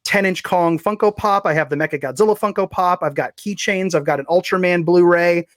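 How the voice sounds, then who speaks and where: A man's voice: high voice, a little fast, dry recording, clean studio sound. A man chatting casually as a podcast guest, rambling and self-deprecating as he plugs his writing. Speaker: guest, fiction writer.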